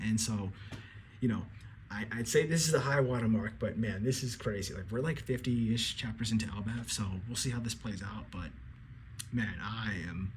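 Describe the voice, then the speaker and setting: A man giving an excitable, casual recap of a comic chapter, acting out the characters' lines and swearing freely. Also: fairly low pitch, moderate pace, a little hiss or hum. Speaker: anime commentator.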